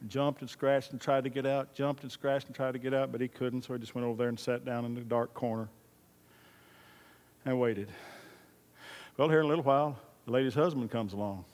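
A man's voice: medium pitch, fairly even intonation, brisk, a little mellow. A man preaching a sermon as pastor, emphatic and repeating his key lines, with folksy storytelling. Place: church. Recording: long reverb of a large hall.

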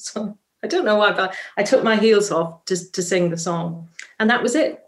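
A woman's voice: medium pitch, normal speed. A Welsh woman, a musical theatre actress, telling a story in a chatty interview full of ums. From Wales. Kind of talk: casual interview anecdote.

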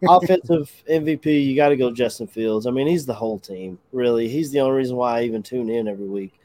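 A man co-hosting a casual sports podcast, relaxed and hesitant, chuckling as he talks. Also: mid-range voice, fast. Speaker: podcast co-host.

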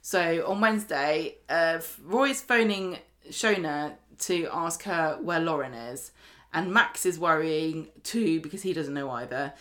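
A woman's voice: low-pitched, expressive, a little slow, hardly any pauses, fairly bright tone. A British woman co-hosting a podcast, chattily retelling scenes and quoting characters, with easy laughter. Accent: British English. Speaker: podcast co-host. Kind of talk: casual recap chat.

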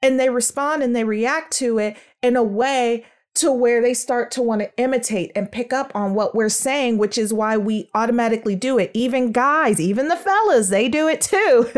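Lively higher-voiced woman teaching. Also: normal speed. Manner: lively, demonstrates sounds aloud; calls listeners sugars and world changers. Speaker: speech development educator. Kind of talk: educational podcast talk.

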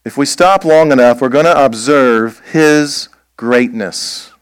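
A man preaching a sermon as pastor, slow and emphatic, posing rhetorical questions. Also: mid-range voice, clear, resonant tone, no echo.

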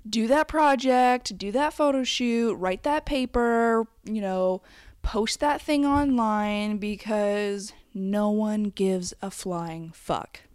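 A woman's voice: medium pitch, slow, a little mellow, clean tone, no room sound. Woman in her late twenties, blunt and foul-mouthed, casual advice rant, mid-range voice, dry close sound. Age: 20s. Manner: blunt, profane and emphatic; conversational, with frequent asides. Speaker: vlogger. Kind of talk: candid advice rant to camera.

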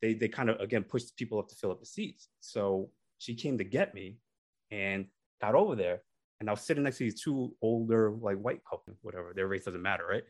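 A young man casually telling embarrassing stories on a podcast, animated and acting out the people in them. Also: on the low side, fairly quick. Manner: animated, acts out voices in his stories. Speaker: podcast co-host. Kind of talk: casual storytelling.

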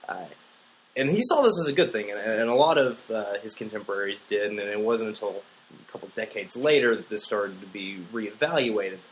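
A man's voice: lowish voice, brisk, a little hiss or hum, rough recording. Rambling man talking casually about film. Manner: rambling, many fillers and restarts. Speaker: podcast co-host.

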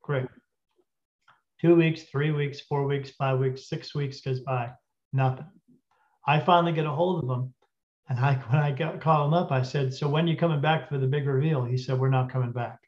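A man telling a story casually as a podcast guest, acting out the dialogue and often clearing his throat. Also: medium pitch, normal speed. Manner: animated retelling with quoted dialogue. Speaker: guest spirit medium. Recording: dull lo-fi audio.

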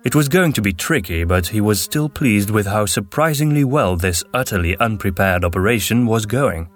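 Fairly low guy reading a fantasy story, steady pace, soft music under it. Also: normal speed. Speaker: narrator. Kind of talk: audiobook fantasy narration. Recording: narration with faint background music.

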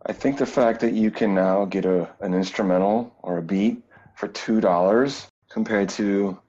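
A man co-hosting a podcast, talking in a put-on low, smooth "sexy" voice in casual chat. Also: steady tone, normal speed, dark tone, highs cut off. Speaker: podcast co-host.

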